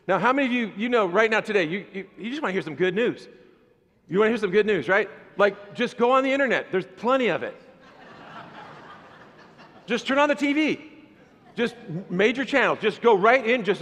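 A man preaching a sermon as pastor, animated and conversational, with playful asides to the congregation. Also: sits high, normal speed, long reverb tail. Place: church sanctuary.

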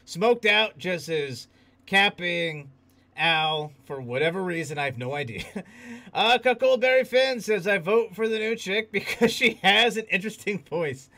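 A male stream host talks loosely with his viewers, laughing as he reads their messages out. His voice sits very high and has a gravelly edge. It is bright and sharp. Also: big pitch swings, measured pace. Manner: laughs often, reads chat aloud. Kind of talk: casual livestream chat.

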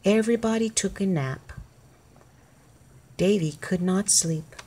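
A woman reading a children's picture book aloud in a clear, deliberate way. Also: medium pitch, warm tone, slight background noise. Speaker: storybook reader.

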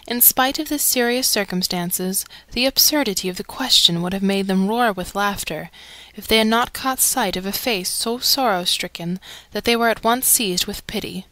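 A woman's voice: medium pitch, normal speed, dry recording. Dry-voiced woman narrating a classic novel. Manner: expressive, dramatic reading. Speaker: audiobook narrator. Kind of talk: scripted narration.

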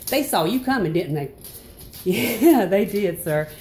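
A woman from North Carolina with a Southern accent, telling a story in a casual vlog and ranting with loud exclamations. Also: normal speed. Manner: animated, exclamatory, swings into high outbursts. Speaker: vlogger.

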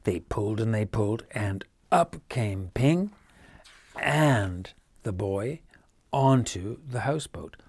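A man reading a children's bedtime story aloud, gentle and dropping to a hush at quiet moments. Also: lowish voice, lively intonation, takes it slowly, breathy edge, no echo.

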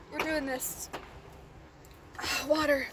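Woman crying into her vlog, super high pitched, talks slow, keeps repeating herself. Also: noisy background. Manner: emotional, repeats herself, cries and self-soothes. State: tearful. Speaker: vlogger. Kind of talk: unscripted personal video diary.

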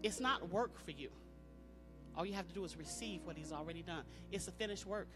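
A woman's voice: lowish voice, brisk, over music. A woman preaching an emphatic sermon at a church service, repeating phrases and calling on the congregation to respond. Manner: emphatic, repetitive, call-and-response.

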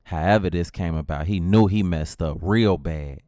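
A man's voice: low-pitched, normal speed, mellow, no echo. A man with a Chicago accent narrating a comedic first-person story with lots of slang and drama. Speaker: storyteller in a skit video.

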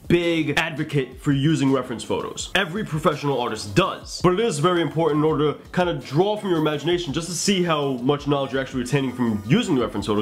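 A man giving casual art critiques and tutorial tips, chatty and joking, with profane asides. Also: a little high.

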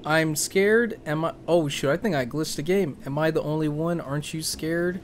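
A man's voice: fairly high pitch, normal speed, slight background noise. A young man giving jumpy, laughing, slang-filled commentary while playing a horror game. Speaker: gaming YouTuber.

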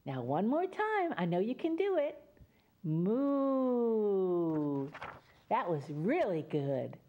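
A woman's voice: medium pitch, wildly swooping pitch, normal speed, narrow, tinny audio, a little hiss or hum. A woman hosting a children's story time, reading a picture book aloud and coaxing the children to repeat animal sounds with her. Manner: sing-song, coaxing children to join in; animal sounds and call-and-response.

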